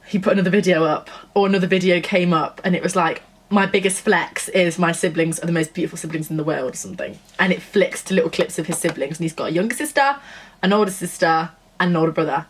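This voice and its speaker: A vlogger in her twenties from Nottingham, England tells a story in a gushing, chatty, casual style, acting out what people said. She talks fast in a low-ish, slightly rough voice.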